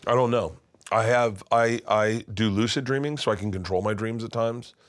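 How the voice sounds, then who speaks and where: Middle-aged male comedian guest, animated storyteller, slips into voices, big laughs, lowish voice. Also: normal speed. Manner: excitable, acts out voices in his stories, laughs loudly. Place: his studio.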